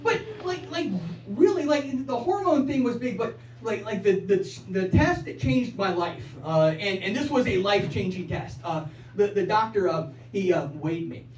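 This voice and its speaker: Stammering man doing stand-up, animated. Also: high voice, moderate pace, slight background noise. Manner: stammering, repeats words, self-mocking. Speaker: stand-up comedian. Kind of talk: stand-up comedy set. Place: small improv club stage. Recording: roomy live club sound from far off. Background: audience laughing.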